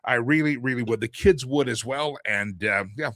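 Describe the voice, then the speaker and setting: Bright-voiced earnest male host. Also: mid-range voice, normal speed, no room sound. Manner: earnest, rambling, folksy and preacher-like. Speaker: talk show host. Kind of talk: casual appeal for charity donations.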